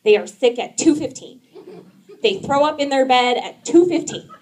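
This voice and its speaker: A woman in her thirties with a high voice tells stand-up stories from her family life. She chats loosely, fills the pauses with "um", and keeps breaking into laughter at her own punchlines. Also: lively intonation, darkish tone. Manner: chatty, laughs at her own jokes, many "um"s. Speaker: stand-up comedian. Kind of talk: stand-up comedy set. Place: live event in front of an audience.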